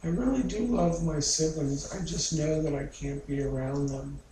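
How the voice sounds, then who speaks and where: A man's voice: a little high, moderate pace, dark tone. A man in a therapy session recounting a painful memory, speaking in a raw, emotionally charged and profane way. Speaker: therapy client. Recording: echoey room with background noise.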